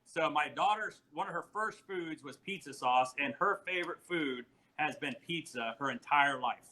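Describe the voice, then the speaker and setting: Bright-voiced man telling family stories. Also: on the high side, moderate pace, low-quality recording. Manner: storytelling, animated, laughs often. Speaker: podcast guest. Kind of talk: casual podcast chat.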